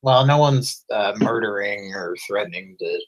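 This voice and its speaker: A man co-hosting a live prank show, making wry, animated remarks in casual chat. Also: lowish voice, moderate pace, poor audio.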